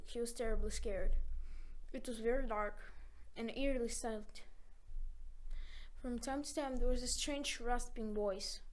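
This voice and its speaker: Woman, high voice, children's storybook narration, expressive and dramatic. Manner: expressive, dramatic read-aloud. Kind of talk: children's story read-aloud.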